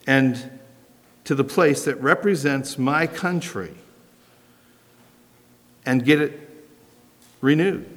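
Man preaching in a reverberant church. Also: mid-range voice. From United States. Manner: animated, emphatic, conversational preaching with rhetorical questions. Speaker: pastor. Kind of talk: sermon. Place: church sanctuary. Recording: long hall reverb.

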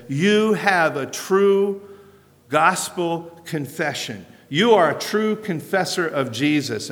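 An American man preaching a sermon in an animated, conversational way, asking rhetorical questions. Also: on the high side. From United States. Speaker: pastor. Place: church sanctuary. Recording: long hall reverb.

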